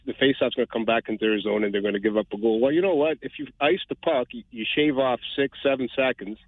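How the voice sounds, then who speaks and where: Male phone-in caller, rapid, rambling opinions, thin phone-line sound. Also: medium pitch, dry recording. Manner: rambling, opinionated, stumbling restarts. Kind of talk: phone-in rant.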